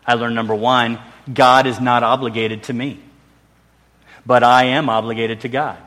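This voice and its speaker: At a moderate pace, the middle-aged pastor talks in a medium-pitched, fairly bright voice that barely moves in pitch. His sermon stays earnest and conversational, with restarts and self-deprecating remarks. It's captured in a church sanctuary with the long reverb of a big hall.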